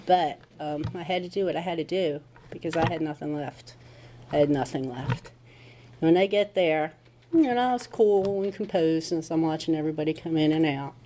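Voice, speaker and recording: Low-voiced woman telling her recovery story. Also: moderate pace, dark tone, slight background noise. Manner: conversational storytelling with acted-out quotes. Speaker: recovery meeting speaker. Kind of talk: personal testimony talk.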